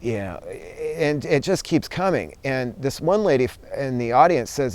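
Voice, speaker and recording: Smooth-voiced man telling a story. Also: medium pitch, normal speed. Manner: relaxed, many fillers. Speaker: vlogger and teacher. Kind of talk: casual storytelling talk.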